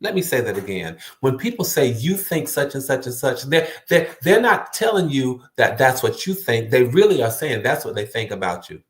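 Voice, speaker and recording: A man's voice: medium pitch, big pitch swings, normal speed, hardly any pauses. A man giving an earnest, emphatic motivational talk to the viewer, repeating words for stress. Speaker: motivational speaker. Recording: roomy echo.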